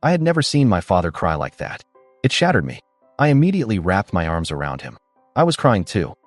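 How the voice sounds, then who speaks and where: Casting: male story narrator, low voice with wide swings in pitch, dry close sound, faint music behind. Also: wildly swooping pitch, fairly quick, dry recording. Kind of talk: scripted narration.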